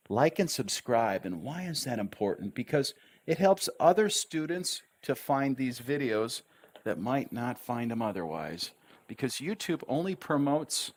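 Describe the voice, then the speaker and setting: A man tutoring English on a livestream, speaking slowly and deliberately with an encouraging teacher's manner. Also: medium pitch. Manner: slow, deliberate syllable-stressed delivery of practice dialogues. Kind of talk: livestream language lesson.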